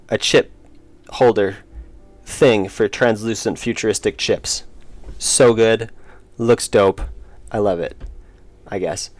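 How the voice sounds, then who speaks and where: A man's voice: on the low side, takes it slowly, long pauses, dry recording. A young man streaming his indie game work, rambling casually and reading chat aloud with self-deprecating jokes. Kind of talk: casual live-stream chat while working.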